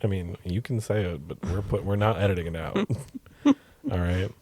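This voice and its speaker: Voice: deep voice, moderate pace, darkish tone, slight background noise. A young adult co-hosting a podcast, casually teasing and prompting the other host. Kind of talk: casual chat.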